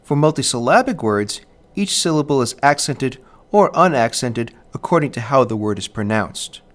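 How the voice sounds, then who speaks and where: A man's voice: mid-range voice, expressive. Man narrating a poetry lesson. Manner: measured, stressing rhythm when reading verse aloud. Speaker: teacher. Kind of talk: scripted lecture narration.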